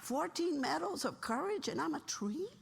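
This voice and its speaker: A woman's voice: high voice, normal speed, gravelly, noisy background. A middle-aged woman, a retired military officer, telling stories with humor in a keynote speech in a large hall. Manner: animated, humorous storytelling. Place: large hall, luncheon event. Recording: long reverb of a large hall.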